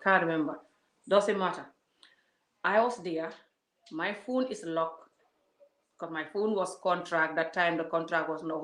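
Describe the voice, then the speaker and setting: A woman vlogger ranting to her viewers in a heated, scolding way, talking straight at them. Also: fairly low pitch. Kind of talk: casual vlog rant to viewers. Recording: roomy echo.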